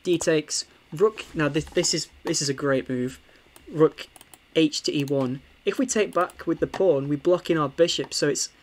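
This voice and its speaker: A young man, casually talking through a chess game for stream viewers, animated and full of ums and restarts. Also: a little high, moderate pace. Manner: animated, with frequent fillers and restarts.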